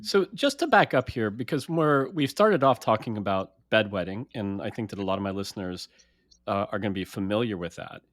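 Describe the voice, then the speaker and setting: A man hosting a podcast, asking measured questions to guide the interview. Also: lowish voice, expressive, no echo, studio quality. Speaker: podcast host.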